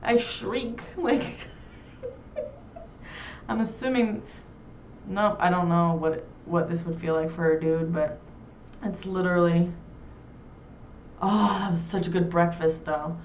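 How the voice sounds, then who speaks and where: A woman's voice: on the low side, takes it slowly, long pauses, a little mellow, slight background noise. Frank, crude woman host, roomy and distant. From New York. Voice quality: frank, crude, self-mocking humor. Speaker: talk show host. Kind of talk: casual chat. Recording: roomy echo, heard from far off.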